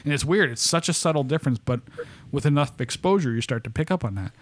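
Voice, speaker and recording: A man's voice: medium pitch, lively intonation, fast talker. A man from upstate New York hosting a podcast, chatting in a rambling, casual way, laughing often and swearing freely. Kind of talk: casual chat.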